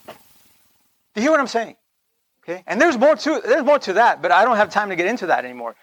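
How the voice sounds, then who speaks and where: A fast-talking man with a high, sing-song, slightly bright voice gives an informal sermon. He's a preacher who lowers to whispers for asides, lifts his voice for emphasis, and often checks in with the listeners.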